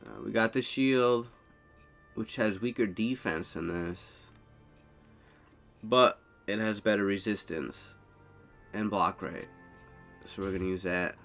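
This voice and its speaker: A man's voice: on the low side, takes it slowly, gravelly, pauses often, fairly bright tone, faint music behind. A man giving casual gameplay commentary, rambling and thinking aloud as he plays. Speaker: gameplay streamer.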